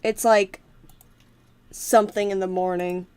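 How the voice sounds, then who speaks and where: A woman's voice: mid-range voice, flat delivery, unhurried, clear, resonant tone. A young woman chatting casually on a livestream, giggling often and swearing freely. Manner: giggly, swears a lot, bursts into loud laughter. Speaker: livestream co-host. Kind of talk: casual chat.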